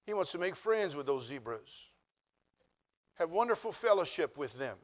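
A man preaching a sermon as pastor, moving from quiet, joking asides to loud, emphatic declarations. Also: fairly high pitch, very animated, moderate pace. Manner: humorous, conversational storytelling.

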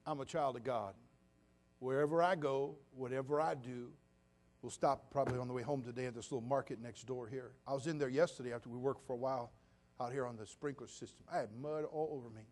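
A man, preaching a sermon as pastor to his church, moving from quiet confiding talk to loud, emphatic preaching. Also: medium pitch, fairly even intonation, fairly quick.

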